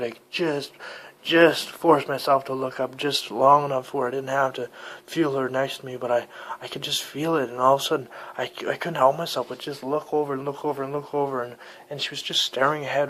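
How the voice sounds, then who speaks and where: Halting man telling an eerie story. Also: mid-range voice, a little hiss or hum, low-quality recording. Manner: halting, with frequent restarts and swings between loud and hushed. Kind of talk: first-person spoken story, unscripted.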